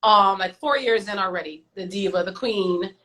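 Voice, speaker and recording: A woman guest on an online show, telling her stories in a lively, chatty way. She acts out the voices of the people in them and drops in slangy asides. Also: medium pitch, moderate pace, rough recording. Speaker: guest singer. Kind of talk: casual storytelling. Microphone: video call.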